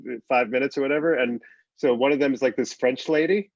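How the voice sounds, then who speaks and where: A man with a New York accent tells stories in an animated way and chuckles as he goes. His voice sits at an ordinary pitch. It comes through dry and slightly muffled, like dull remote audio. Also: fast, dry recording. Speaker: comedian guest. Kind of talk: casual panel chat.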